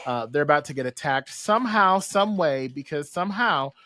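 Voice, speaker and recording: A podcast panelist recapping an episode in slangy casual talk, acting out the characters in quick voices. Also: mid-range voice, animated, bright, forceful tone, no room sound.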